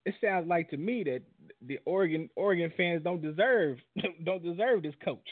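A man co-hosts a sports podcast in a relaxed, hesitant way. His slightly high voice sounds dry and close. It is squeezed into a narrow, phone-like band. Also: moderate pace, no room sound. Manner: laid-back, hesitant, many fillers. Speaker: podcast co-host. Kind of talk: casual sports talk.

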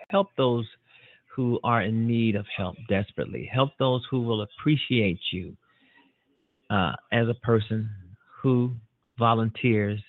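A man's voice: medium pitch, no room sound. A male talk show host speaks with earnest conviction, repeating himself and padding his lines with fillers. The sound is thin and phone-like, and bone dry with no room at all. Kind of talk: closing monologue of a call-in show. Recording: dry, tinny phone-like audio.

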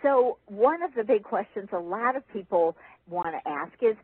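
A woman tells stories in a lively, swooping voice and laughs often as she talks. Her tone is slightly husky. She comes through a thin phone-line connection. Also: medium pitch, moderate pace, no echo. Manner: animated storyteller, laughs often. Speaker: guest author and teacher. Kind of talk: casual interview talk.

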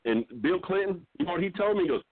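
A middle-aged man calling in to a talk show, telling meandering jokes with halting restarts. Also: sits high, animated, no echo. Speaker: regular caller. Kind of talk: rambling comedic call-in chat. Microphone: phone. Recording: dry tinny phone line.

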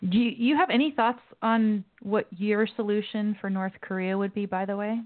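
A female talk show host giving measured, opinionated commentary. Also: mid-range voice, fairly even intonation, no echo. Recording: dry, phone-like line.

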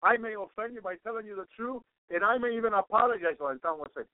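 A man's voice: high voice, lively intonation, fast talker, few pauses, dry recording. A man preaching on a radio program, fervent and repetitive, constantly breaking in with praise-the-Lord interjections. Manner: repeats and restarts phrases for emphasis. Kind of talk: radio sermon. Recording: narrow phone-like radio line.

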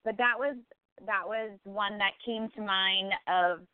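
Smooth-voiced woman host on a phone line. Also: medium pitch, fairly even intonation. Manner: thoughtful, many filler pauses. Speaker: podcast host. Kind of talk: reflective spiritual conversation. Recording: tinny phone-line sound.

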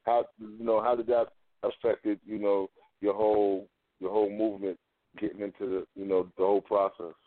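A man's voice: fairly low pitch, level tone, normal speed, no echo. A man hosting a hip hop radio interview, talking with hyped, slangy patter. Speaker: radio host. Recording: dry, phone-like lo-fi.

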